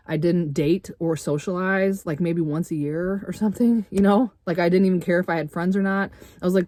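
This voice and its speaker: A middle-aged woman vents to her camera in a fired-up, swearing rant, throwing out sarcastic rhetorical questions and getting loud. Her voice sits on the low side. The sound is dry and close, with no room in it. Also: fairly even intonation, a little fast, no echo. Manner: heated, swearing, rising to loud outbursts. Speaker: vlogger. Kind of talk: angry personal rant to camera. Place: RV interior.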